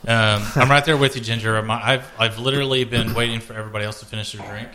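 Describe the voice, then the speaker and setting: A man's voice: fairly low pitch, fairly even intonation, quick pace, bright, forceful tone. A man hosting a casual podcast, rambling and swearing as he chats about television. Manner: rambling, profane, joking. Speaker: podcast host. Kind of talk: casual chat.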